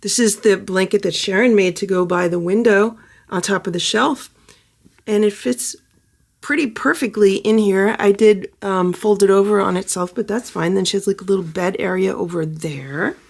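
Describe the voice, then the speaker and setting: A woman filming a casual vlog about a rescued kitten, talking softly and soothingly as she narrates, indoors beside a cage. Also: normal speed, vocal fry. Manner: soothing, coaxing, switches to high sing-song baby talk for the kitten. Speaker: cat rescuer vlogger.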